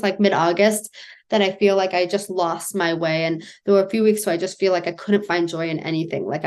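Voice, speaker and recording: A woman co-hosting a podcast in casual chat, candid and self-deprecating, often laughing at her own troubles. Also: mid-range voice. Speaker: podcast co-host.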